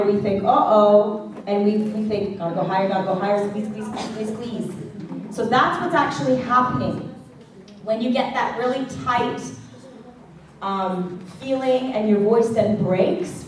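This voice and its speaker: A woman vocal coach with a somewhat high voice teaches a singing class, chatty and checking in with her students often. She is picked up from across a very echoey room, with faint ambience behind her. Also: recorded from a distance, a little hiss or hum. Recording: echoey classroom recorded from afar.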